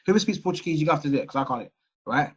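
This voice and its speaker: Over a muffled video call, a man from England rattles through a seminar lecture at rapid-fire speed in a fairly high, slightly husky voice. His manner is easygoing and chatty, with frequent check-ins with his audience.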